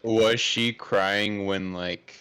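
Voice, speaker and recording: A man player in a tabletop game who speaks hesitantly, with many pauses and fillers. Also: fairly low pitch, steady tone, bright, forceful tone, clean tone. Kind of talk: casual tabletop game talk.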